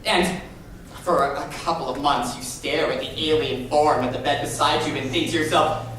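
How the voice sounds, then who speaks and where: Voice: mid-range voice, steady tone, moderate pace, fairly bright tone, a little hiss or hum, close to an everyday voice. An actor doing a chatty, obsessive musical fan, far off in an echoey theatre. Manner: chatty, confiding asides to the audience. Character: fussy lonely man, obsessive musical fan narrating. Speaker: stage narrator. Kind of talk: stage musical acting. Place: large theatre stage. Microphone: far room mic. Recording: distant, echoey theatre stage recording.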